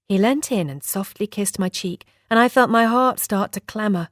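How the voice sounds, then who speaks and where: A woman's voice: medium pitch, moderate pace, few pauses, dry recording, clean studio sound. Woman narrating a novel. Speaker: audiobook narrator. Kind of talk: first-person novel narration.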